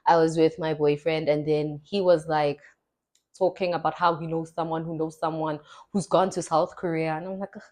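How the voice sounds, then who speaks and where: Young woman, podcast host, casual storytelling, slightly low pitch. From South Africa. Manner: chatty storytelling, acts out quoted voices. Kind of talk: casual chat.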